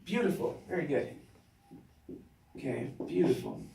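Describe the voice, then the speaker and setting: Man, English teacher, classroom lesson, slightly high voice, very slow and deliberate, keeps checking in with students, distant mic, echoey room. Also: sing-song, creaky, mellow, a little hiss or hum. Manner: slow and deliberate, checks in with 'okay?' after nearly every point.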